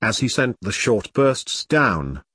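A man narrating an audiobook in a steady, measured reading voice. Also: fairly low pitch, breathy edge, no room sound. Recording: dry close studio sound.

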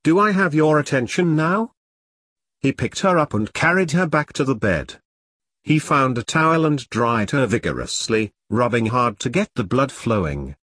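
A man narrating an audiobook in an expressive, measured way. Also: mid-range voice, slightly rough, dry recording.

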